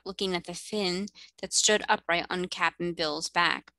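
A woman reading a children's novel aloud, narrating clearly and evenly. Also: on the low side, steady tone, unhurried, bright, forceful tone, no room sound, poor audio. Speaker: reader. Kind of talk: storybook read-aloud.

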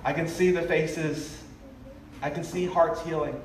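A man's voice: fairly high pitch, steady tone. Earnest preacher man, distant and roomy. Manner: earnest, pleading, tender, drawn-out phrases. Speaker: revival preacher. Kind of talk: emotional sermon. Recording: roomy, distant live sermon audio with faint noise.

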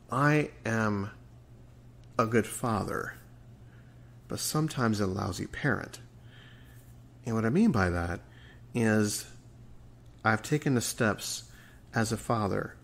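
A man in his forties hosts a solo podcast, musing in an earnest, rambling way and now and then tripping over his words. His voice sits on the low side, a little bright, with some vocal fry.

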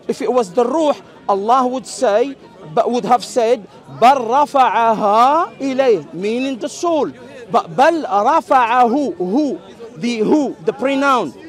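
A high-pitched man argues his case in an open-air debate in a public park. He explains patiently, interrupts often and runs through Arabic recitation fast, with a crowd murmuring faintly behind him. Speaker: street debater.

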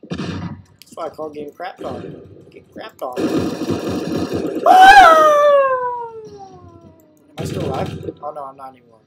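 A young man giving excitable live commentary while playing a video game, yelping and shrieking whenever his character dies. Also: a little high, a little fast, heavy background noise. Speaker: gamer.

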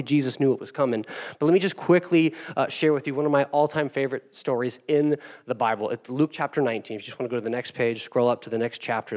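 A young man preaching a casual, conversational sermon as a church pastor, chatty and self-deprecating, often acting out quoted voices. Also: medium pitch.

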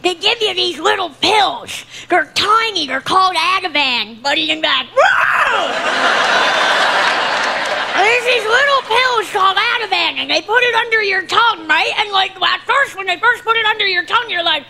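A woman performing a loud, self-mocking stand-up comedy set, often laughing and shouting her punchlines. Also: extremely high pitch, animated, fairly quick, vocal fry, hardly any pauses, slight background noise.

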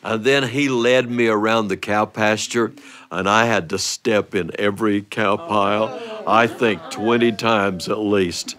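A man performing a playful family story for listeners, animated and often breaking into laughter. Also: lowish voice, measured pace, crowd noise.

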